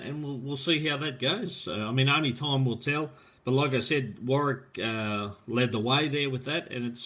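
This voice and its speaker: Male host, casual live-stream chat, rambling and friendly, bright tone. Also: medium pitch. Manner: rambling, filler-heavy, friendly, calls people mate. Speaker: host of a live drag racing show.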